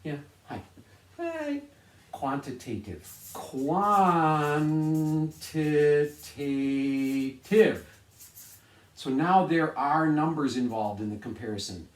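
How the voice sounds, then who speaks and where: A man's voice: medium pitch, very animated, measured pace. A man teaching a science lesson in a casual, upbeat way, laughing often and checking that students follow along. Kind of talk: casual classroom video lesson. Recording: echoey room.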